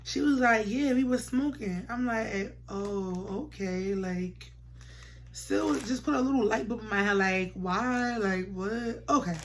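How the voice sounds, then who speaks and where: A young woman vlogger telling a storytime tale in slangy, animated chat, acting out the lines of the people in it. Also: medium pitch, unhurried, slight background noise. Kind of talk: storytime vlog.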